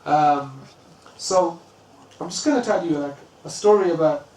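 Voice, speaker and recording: A man from the UK gives a lesson on classical poetry, telling stories and rattling off chanted verses. His voice sits a little high. The room is echoey and the mic is some distance away, with faint ambience behind. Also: darkish tone, slight background noise. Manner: storytelling, chants lines of verse quickly. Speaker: religious teacher.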